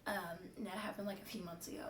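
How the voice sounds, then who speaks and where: A woman's voice: medium pitch, fairly even intonation, quick pace. Young woman ranting casually, lots of likes and ums, mid voice, faint hiss. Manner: candid, frustrated, lots of fillers. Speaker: vlogger. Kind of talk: casual venting monologue. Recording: roomy, distant, faint hiss.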